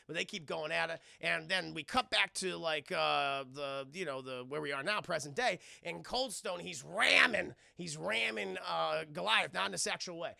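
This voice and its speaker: A man recaps a cartoon for his live-stream chat, animated and profane. His voice sits high, with a heavy gravelly rasp and a bright edge. The sound is dry and close. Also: moderate pace, no room sound. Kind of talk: casual live-stream commentary.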